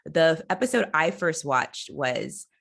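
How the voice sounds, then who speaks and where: A woman, a comedian guest on a video call, telling a story in a casual, animated way. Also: low-pitched, slow pace, creaky. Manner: animated storyteller, acts out quoted voices.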